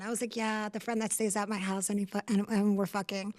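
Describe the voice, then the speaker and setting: New woman telling a story in a studio chat, kinda high voice, acts out all the quotes. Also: steady tone, fast talker, hardly any pauses. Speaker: host. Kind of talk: casual chat. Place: recording studio.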